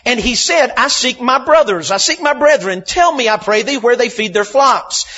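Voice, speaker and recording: A man preaching a sermon, reading scripture and addressing the congregation emphatically, swinging from loud to hushed. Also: very high-pitched, expressive, moderate pace, highs cut off.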